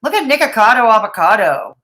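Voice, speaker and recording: A woman's voice: fairly high pitch, very animated, a little fast, a bit bright. A woman hosting a casual livestream, blunt and opinionated, greeting chat viewers by name between comments. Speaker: livestream host.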